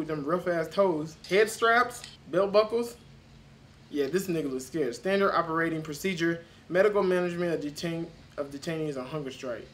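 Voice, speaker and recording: High bright mocking young man. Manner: loud, mocking, cursing, bursts into shouting laughter. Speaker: reaction video host. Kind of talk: casual reaction commentary.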